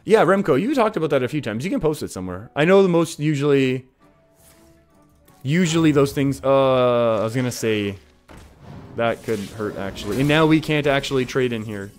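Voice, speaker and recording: A man's voice: mid-range voice, expressive, normal speed, faint music behind. A young Canadian man with an English Canadian accent, casually commentating a card game and reading viewer comments, laughing often. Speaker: streamer.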